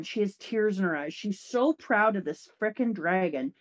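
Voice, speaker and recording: A woman hosting a casual talk show, recapping an anime episode in lively chat and briefly acting out the characters' lines. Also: mid-range voice, moderate pace. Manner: animated, acts out character lines. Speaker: podcast host.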